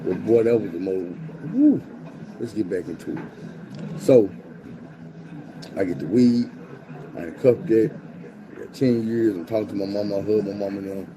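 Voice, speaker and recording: Animated man telling a prison story. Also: on the low side, moderate pace, long pauses, noisy background. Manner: animated, profane street slang, acts out quotes. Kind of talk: casual storytelling.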